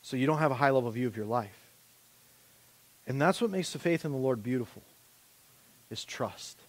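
A man preaching a sermon as pastor, animated and conversational, joking with a volunteer on a church stage. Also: medium pitch, normal speed. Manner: animated, rising to loud impassioned preaching.

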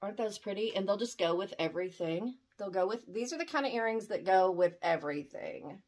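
Gushing woman, very animated pitch. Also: fairly quick. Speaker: vlogger opening fan mail. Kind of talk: excited unboxing chat.

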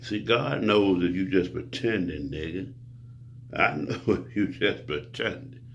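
Deep gravelly man preaching profanely. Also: a little slow, a little hiss or hum. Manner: profane, grandiose, lecturing the viewer. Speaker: self-styled preacher. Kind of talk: rambling preaching monologue.

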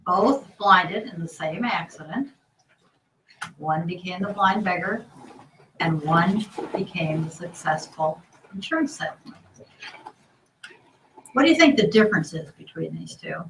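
Female workshop facilitator, lowish voice, echoey room from a distance. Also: lively intonation, a little slow, pauses often, a bit bright. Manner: prompting, encouraging questions. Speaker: training facilitator. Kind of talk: leading a group discussion. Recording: echoey room from far off, faint noise.

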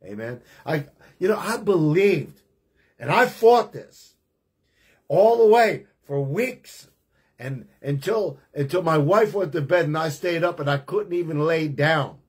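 Fervent preacher man with a husky voice. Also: on the high side, expressive, a little slow. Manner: fervent, emphatic preaching with frequent amens. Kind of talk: testimony sermon.

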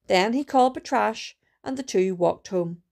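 A woman reading a storybook aloud with a steady, careful delivery and small restarts. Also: mid-range voice, moderate pace, gravelly. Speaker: student reader.

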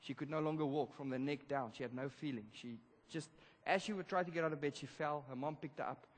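A male pastor telling a story in a sermon, animated, swinging between loud emphasis and hushed moments. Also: a little high, fairly quick. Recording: long church hall reverb.

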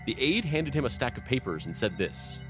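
A man's voice: mid-range voice, sing-song, fairly quick, over music. A man hosting a comedic history podcast, narrating events and breaking off into playful, silly tangents.

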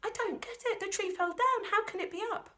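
Woman doing a shrill excited little kid. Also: fairly quick. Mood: baffled. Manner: high-pitched, loud, breathless exclaiming. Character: excited shrill young child.

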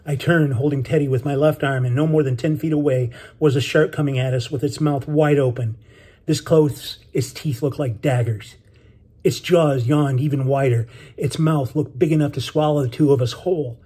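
Male author-narrator, husky and dark, measured audiobook storytelling. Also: a little high, fairly even intonation. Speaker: author reading his novel. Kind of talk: scripted narration.

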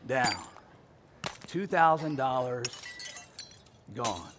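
A man preaching a sermon as a pastor, telling a family story in an animated way and acting out voices with shouts and laughs. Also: a little high, moderate pace, pauses often, background noise. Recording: long hall reverb.

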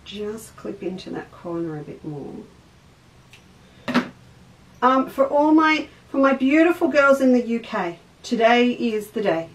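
A woman's voice: a little high, big pitch swings, moderate pace, distant mic. An Australian woman hosting a casual livestream sewing class, chatting and rambling, talking to viewers by name. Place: indoor craft studio. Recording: echoey room, voice off-mic.

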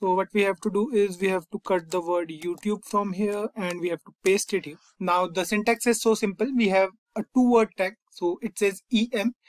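A young man hosting a coding tutorial, calmly walking through each step and often saying "fine" and "over here". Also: high-pitched, normal speed, few pauses, no echo. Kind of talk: screen-recorded coding lesson.

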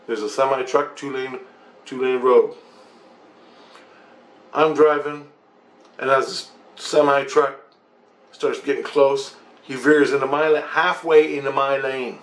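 A man's voice: mid-range voice, a bit bright. A man ranting in a rambling monologue, agitated and swearing constantly. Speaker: vlogger. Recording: roomy echoey recording.

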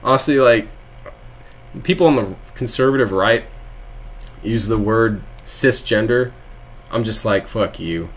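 A young man from Texas talks off the cuff on a live stream, answering viewers as he goes. His voice sits in an average pitch, and he rambles with restarts, laughing often and tossing out sarcastic asides. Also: measured pace, long pauses. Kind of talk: casual live-stream chat reading viewer comments.

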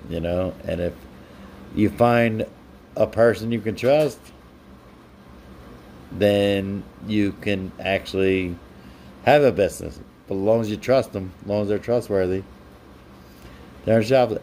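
A man's voice: fairly low pitch, darkish tone, slight background noise. A man on a live stream, reading viewers' comments aloud and answering them with playful, teasing banter. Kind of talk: casual live-stream chat.

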